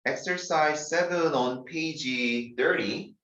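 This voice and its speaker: A man with a Korean accent teaching English spelling, talking slowly and deliberately and spelling words out letter by letter. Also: on the high side, a bit bright. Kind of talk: grammar lecture. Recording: distant, dull, echoey room recording.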